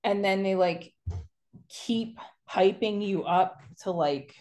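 A woman co-hosting a casual podcast, talking in long rambling stretches. She keeps restarting her sentences and mimics the people she describes. Her voice sits at an ordinary middle pitch. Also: slow pace. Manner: rambling, animated storytelling with mocking quotes. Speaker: podcast co-host. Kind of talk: casual chat.

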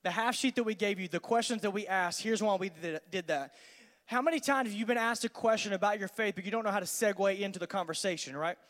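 A man, a student pastor giving an energetic, conversational youth sermon in a large church hall. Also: high-pitched, fast. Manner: energetic, conversational, acts out dialogues. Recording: long hall reverb.

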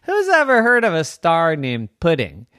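A man's voice: mid-range voice, animated, slow, smooth, no echo, studio quality. A man voicing a rude planet in a bedtime story, scornful and mocking. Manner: scornful, laughing.

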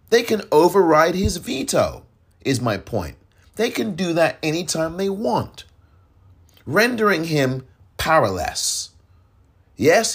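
A man's voice: on the high side, breathy edge. A man hosting a political podcast, speaking in fiery, exasperated commentary and mocking his opponents in put-on voices. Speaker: podcast host.

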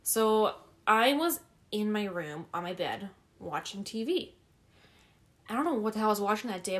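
A young woman tells a spooky story from her own basement in a loose, casual chat. She is animated and swears constantly, laughing as she goes. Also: medium pitch.

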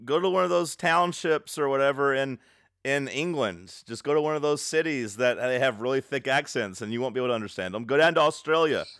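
A man's voice: medium pitch, brisk, fairly bright tone, dry recording, clean studio sound. A young man co-hosting a podcast, teasing and blunt in casual chat. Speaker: podcast co-host.

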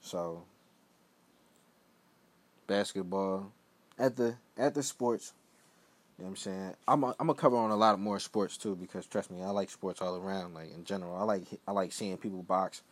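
A young podcast host from Philadelphia rambles through a casual solo monologue, his talk repeatedly trailing off into mumbled asides. He has a low voice, keeps a moderate pace, and pauses often.

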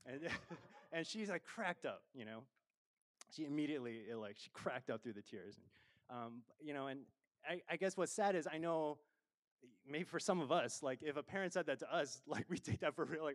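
A man's voice: mid-range voice, normal speed. A middle-aged man preaching a sermon as a pastor, conversational and self-deprecating, with frequent fillers and laughs.

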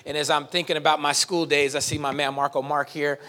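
A man pastor speaking to his congregation in a church. He is relaxed and chatty, with a thankful tone. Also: a little high, brisk. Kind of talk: sermon opening, casual remarks to congregation. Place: church sanctuary.

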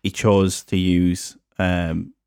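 Man, low voice, dry close sound, hesitant casual podcast chat. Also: flat delivery, extremely slow, creaky, a little mellow, smooth, no room sound. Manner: hesitant, restarts often, reads trivia aloud. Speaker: podcast co-host. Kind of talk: casual film review chat.

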